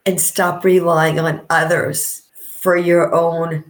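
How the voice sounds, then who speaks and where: A middle-aged woman with a low voice speaks as a podcast guest. She talks in a heartfelt, reflective way and slows down to stress her points. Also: level tone. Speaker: guest, coach and author. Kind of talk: emotional podcast interview.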